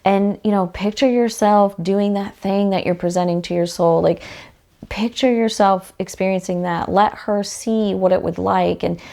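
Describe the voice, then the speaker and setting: A woman's voice: mid-range voice, fairly even intonation, moderate pace, gravelly, warm tone. A woman hosting a solo podcast in a casual, chatty way, full of "like" fillers and questions put straight to the listener. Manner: talks directly to the listener with questions. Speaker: podcast host.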